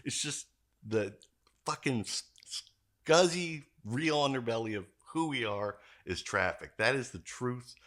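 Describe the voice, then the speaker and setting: Male podcast host; lively, bright, crude anecdote-teller. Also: medium pitch, measured pace. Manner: profane, animated storytelling with mimicked voices. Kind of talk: casual chat.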